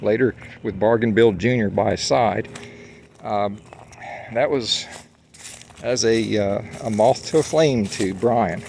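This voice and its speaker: Man, walking vlog, low voice, loose rambling delivery, faint outdoor noise behind. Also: gravelly, a little mellow. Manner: rambling, many fillers and restarts. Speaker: vlogger. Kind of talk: casual walking monologue. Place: outdoors on a hike.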